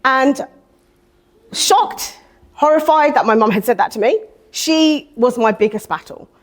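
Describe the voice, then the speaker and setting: Woman, middle-aged, telling her life story to a crowd, highish voice, gets really animated on the quotes. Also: normal speed. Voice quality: expressive, swings into high animated quotes. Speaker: speaker at a women's day event. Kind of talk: personal story told to an audience.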